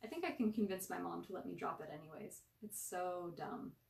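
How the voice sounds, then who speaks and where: A woman's voice: fairly low pitch, brisk, creaky, a little mellow, echoey room, recorded from a distance. A woman voicing a wry, teasing preteen girl who likes to take charge. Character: sassy preteen girl who mocks and leads.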